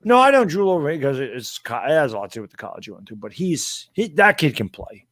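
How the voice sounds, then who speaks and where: A man's voice: fairly high pitch, very animated, fast, a bit bright, dry recording, studio quality. A man co-hosting a casual sports talk show, blunt and full of rhetorical questions, with mild cursing as he argues about football. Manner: blunt, rhetorical, swears mildly.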